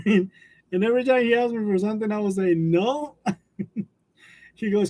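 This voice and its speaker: High-voiced man chuckling through a live chat. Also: normal speed, pauses often, darkish tone. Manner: chuckles constantly between sentences, storytelling, loose and joking. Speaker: livestream host of a graphic design channel. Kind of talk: casual live chat with viewers. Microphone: wireless lavalier.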